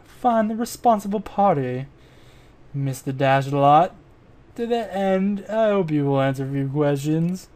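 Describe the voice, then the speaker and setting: A man's voice: a little high, lively intonation, a little slow, a little mellow. A man doing a stern inspector with a Scottish try. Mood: probing. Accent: attempted Scottish. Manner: formal, probing questions. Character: stern male police inspector, middle-aged, questioning.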